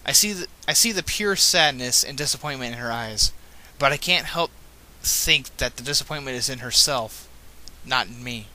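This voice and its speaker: A man's voice: mid-range voice, lively intonation, normal speed, bright, forceful tone. A man reading fan fiction aloud, breaking off with casual, self-correcting asides. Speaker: reader.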